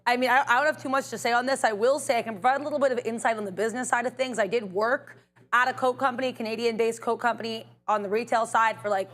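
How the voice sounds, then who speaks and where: Fast-talking chatty woman co-host. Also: on the high side, steady tone, a bit bright. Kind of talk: casual market chat.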